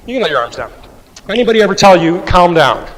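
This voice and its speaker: A man's voice: sits high, very animated, very fast, big-room sound, crowd noise. A man teaching a qigong and mobility rehab class, patiently talking the group through each movement and asking them questions. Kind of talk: guided exercise class instruction. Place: rehab class room with floor tiles.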